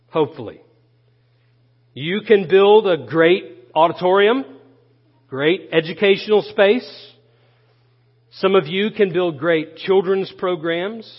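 A pastor delivers a sermon, his voice pitched a little high as he leans hard on repeated phrases and turns to his listeners with questions. His words ring out with a long reverb across the sanctuary. The recording itself sounds muffled and dull. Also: husky. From Florida. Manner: emphatic preaching, repeating key phrases and asking the room questions. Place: church sanctuary.

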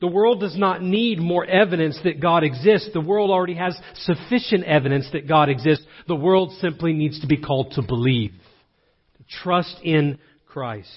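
A man's voice: on the high side, normal speed, slightly rough, in a large hall. An earnest male pastor delivering a sermon in a slightly raised voice. He hammers his points home by repeating them. The recording is dull and lo-fi. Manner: earnest, emphatic repetition.

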